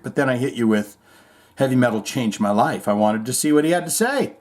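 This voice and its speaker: A man's voice: mid-range voice, expressive, fairly quick. A man hosting a casual show, reading music news aloud and riffing on it with irreverent, rambling asides and swearing. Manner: irreverent, rambling, swears, mock-reads quotes. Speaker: host.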